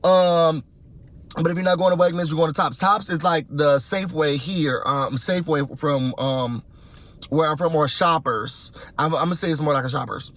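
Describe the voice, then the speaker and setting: A man's voice: a little high, steady tone, moderate pace, a bit bright. A man from Rochester, New York, talking to his viewers from his car, impassioned and emphatic, repeating points for weight. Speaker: vlogger. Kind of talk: casual vlog rant to viewers. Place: in a car, driving.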